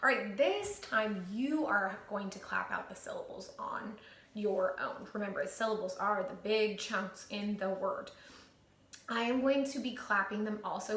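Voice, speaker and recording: A woman teacher leading a phonics lesson for children, reading word pairs slowly and clearly. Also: mid-range voice, fairly bright tone. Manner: slow, clear word-by-word prompting. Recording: echoey room.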